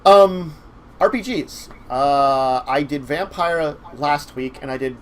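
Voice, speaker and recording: Rambling man recapping tabletop games. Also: on the high side. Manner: rambling, halting with fillers and restarts. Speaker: game master, show host. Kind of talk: casual chat recapping games.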